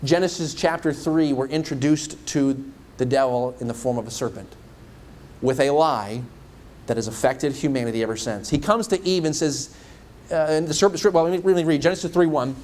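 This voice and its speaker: A man's voice: fairly high pitch, moderate pace, a little mellow, a little hiss or hum. A male evangelist preaching a sermon in a church. He asks the congregation many rhetorical questions.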